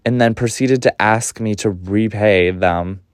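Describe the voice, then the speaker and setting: A young man hosting a podcast, telling a story casually in an animated, gossipy way, swearing a lot and often jumping up in pitch. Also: a little slow, clean tone, no room sound, clean studio sound. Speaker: podcast host.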